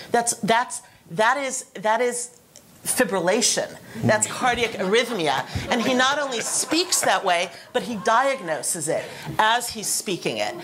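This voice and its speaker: A woman's voice: mid-range voice, expressive, measured pace, a bit bright. A woman speaking as a panelist at a roundtable discussion, talking animatedly and eager to jump in.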